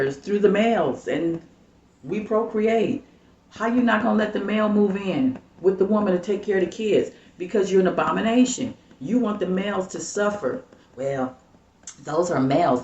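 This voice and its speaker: A woman vlogger in a heated, swearing rant, repeating herself and preaching judgment. Her voice sits back from the mic in a roomy space. The sound is muffled and lo-fi. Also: on the low side. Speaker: YouTube vlogger. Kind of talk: angry profane rant to camera. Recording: roomy, distant, dull lo-fi sound.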